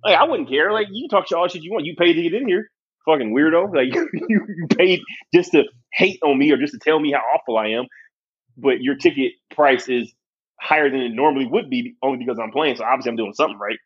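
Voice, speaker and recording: A young man hosts a podcast in loose, animated chat. His voice is husky and sits a little high. His pitch swings widely, and he swears freely. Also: quick pace, lo-fi sound. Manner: animated, swearing, laughing often. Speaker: podcast host. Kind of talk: casual chat.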